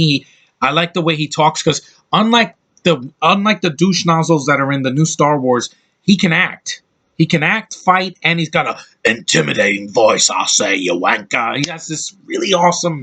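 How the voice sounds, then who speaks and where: A man's voice: fairly high pitch, fairly bright tone. A man giving a casual, opinionated film review, rambling and restarting his sentences as he goes. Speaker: movie reviewer.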